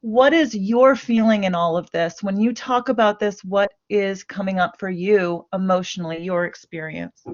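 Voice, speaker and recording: A woman playing a family therapist in a role-play, coaching slowly and repeating okay. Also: medium pitch, natural voice. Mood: guiding. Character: patient female family therapist coaching mother and daughter. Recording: muffled lo-fi recording.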